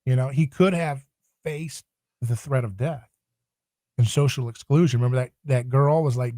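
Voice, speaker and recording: A man talking casually as a podcast guest, animated and acting out quoted voices. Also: medium pitch, moderate pace, dry recording, studio quality. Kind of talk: casual theological discussion.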